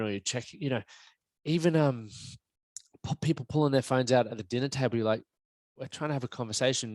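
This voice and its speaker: A man's voice: mid-range voice, no room sound. A young man hosting a solo podcast, talking candidly and reflectively and swearing casually. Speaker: podcast host.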